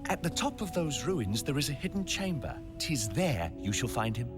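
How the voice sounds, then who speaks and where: A man's voice: mid-range voice, sing-song, normal speed, over loud music, close to an everyday voice. An actor playing a sly, theatrical male servant of the villain with a British accent in a video game dub.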